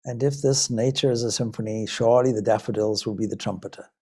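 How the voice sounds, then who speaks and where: This Zimbabwean man, a Vedanta swami, gives a spiritual talk in Ireland, his voice mellow, a bit husky and on the low side. He talks quickly with fairly even intonation, reflecting aloud and asking his listeners one rhetorical question after another.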